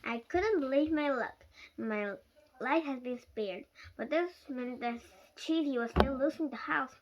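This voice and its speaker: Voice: high voice, lo-fi sound. Child reading a storybook aloud. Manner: halting reading with slips and restarts. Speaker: reader.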